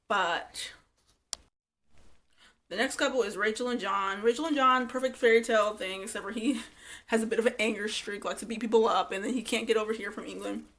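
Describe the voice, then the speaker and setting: A young woman giving blunt, profane, animated commentary on a reality show, acting out quotes as she retells scenes. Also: a little high. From Virginia Beach, USA. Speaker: reality TV reviewer. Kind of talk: casual commentary.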